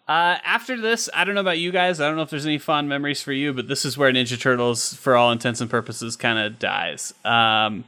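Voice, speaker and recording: Bright-voiced joking man on a podcast. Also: mid-range voice, fairly even intonation, brisk, hardly any pauses, clean tone. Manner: joking, laughs often, swears casually. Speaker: podcast co-host. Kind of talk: casual chat.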